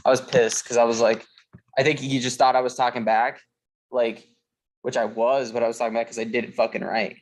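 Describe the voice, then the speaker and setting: Man, casual chat, mid-pitched voice, swears a lot, rambles with fillers. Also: flat delivery, fairly quick. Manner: profane storytelling, rambling with fillers. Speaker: podcast co-host.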